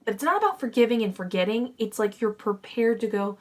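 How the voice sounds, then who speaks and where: A woman's voice: fairly high pitch, animated, a little fast. A bubbly woman chats her way through a tarot reading. She talks in loose, friendly sentences and keeps restarting her thoughts as she goes. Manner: bubbly, chatty, with fillers and self-corrections. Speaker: tarot reader. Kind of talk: casual tarot reading to camera.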